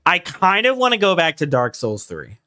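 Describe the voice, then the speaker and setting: Animated young man streaming a game. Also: sits high, moderate pace. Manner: reactive, swearing, talks to himself and chat. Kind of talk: casual gaming commentary.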